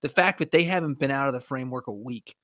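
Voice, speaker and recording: A man of middle pitch reflects on a scene in casual podcast chat, starting and restarting his sentences. He laughs lightly between thoughts, and the sound is dry and close. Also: fast, a bit bright, no room sound. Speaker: podcast co-host.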